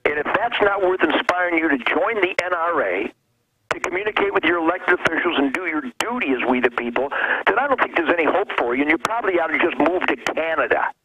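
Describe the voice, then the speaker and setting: A man phoning into a talk show, his fervent, preachy delivery swinging from low rumbles to high peaks. His fairly high voice comes through a dull, muffled phone line with clear hiss behind it. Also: expressive, fast, pushed and bright. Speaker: caller-in guest. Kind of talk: fervent call-in commentary. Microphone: telephone.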